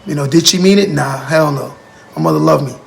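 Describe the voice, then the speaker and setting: A man's voice: on the high side, fairly quick, vocal fry, slight background noise. A man giving a casual motivational talk on a livestream, earnest and repetitive, talking straight to his viewers and answering their comments.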